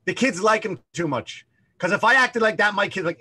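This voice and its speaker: A man's voice: high voice, fairly quick, sharp tone, husky. A man co-hosting a casual podcast over a video call, ranting and swearing, slipping into mocking impressions. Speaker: podcast co-host. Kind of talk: casual chat. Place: remote call over Zoom.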